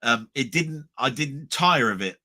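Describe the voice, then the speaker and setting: A man's voice: mid-range voice, lively intonation, unhurried, pushed and bright. A man hosting a live stream, chatting casually and jokily, often repeating and restarting his words. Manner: rambling, repeats words, jokey.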